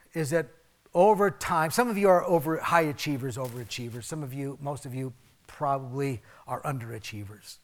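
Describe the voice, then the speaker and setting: A man preaching a sermon in a conversational way, swinging from emphatic bursts down to soft, hushed asides. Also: mid-range voice. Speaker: pastor.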